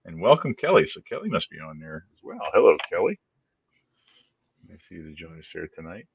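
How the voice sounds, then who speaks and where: A man's voice: sits low, big pitch swings, a little fast, creaky, slightly rough, phone-quality sound. A man co-hosting a live chat show, laid-back and chatty, greeting viewers as they join. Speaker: podcast co-host.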